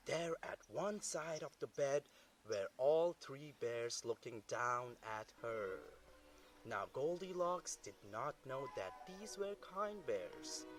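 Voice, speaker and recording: Animated man reading a tale from afar. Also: mid-range voice. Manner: slow, animated storytelling with voiced bear lines. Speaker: storybook reader. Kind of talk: storybook reading aloud. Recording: distant mic with soft music.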